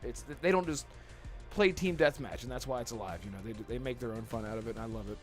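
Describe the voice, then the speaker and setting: A man's voice: medium pitch, quick pace. A man hosting a casual gaming podcast, talking in rambling stretches and thanking viewers in chat. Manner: rambling, with restarts and chat shout-outs. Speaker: podcast host. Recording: faint music behind.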